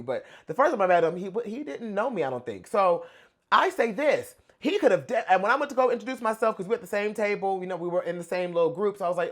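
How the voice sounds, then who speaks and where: A young man giving casual pop culture reaction commentary in an animated, gossipy way. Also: high voice, fast. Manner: animated, gossipy, dramatic outbursts.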